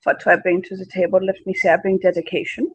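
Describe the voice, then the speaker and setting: A man playing a tabletop role-playing game, speaking in character with an earnest, halting delivery. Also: monotone, slightly rough, no room sound, rough recording. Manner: earnest, halting pitch with fillers. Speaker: player.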